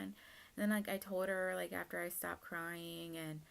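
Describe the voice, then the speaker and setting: Young woman vlogger, low voice, gravelly fry, chatty storytime. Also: flat delivery, measured pace. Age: young adult. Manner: chatty, lots of fillers. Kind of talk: casual storytime.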